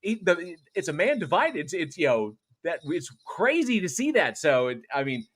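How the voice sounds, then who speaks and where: A man hosting a casual livestream, chatting and getting animated as he tells stories. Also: on the high side, moderate pace. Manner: excitable, animated when telling stories. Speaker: host.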